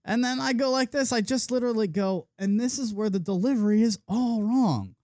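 A man DJ on a podcast, telling a story in casual, animated chat full of "like"s. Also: high voice, brisk, no room sound, studio quality. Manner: animated, filler-heavy with many "like"s, acts out the people in his story. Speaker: DJ and podcast co-host.

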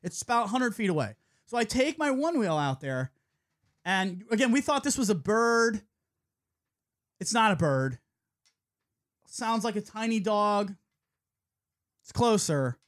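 A young man hosts a casual talk show, spinning a long story and acting out what other people said. His voice is very lively and swings widely in pitch, and he swears freely. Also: measured pace, pauses often. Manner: animated storyteller, lots of swearing and quoting others. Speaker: radio show host. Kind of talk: casual chat.

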